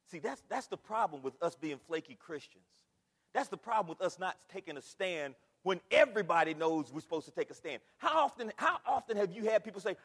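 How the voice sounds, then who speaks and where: An older man preaching a sermon in a church, animated, full of rhetorical questions and repetition. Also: fairly high pitch, brisk, long reverb tail. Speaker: pastor. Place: church sanctuary.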